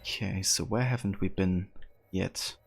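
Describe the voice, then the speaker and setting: A man's voice: low-pitched, fairly even intonation, a little slow, vocal fry, a little hiss or hum. A man streaming a game, musing dryly and reading clues aloud as he plays. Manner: dry, musing, reads in-game text aloud. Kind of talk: casual let's-play commentary, reading clues aloud.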